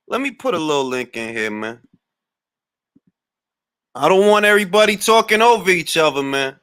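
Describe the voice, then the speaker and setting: A man's voice: a little high, bright, forceful tone, no echo, studio quality. A man hosting a boxing livestream in casual, slangy chat and laughing often.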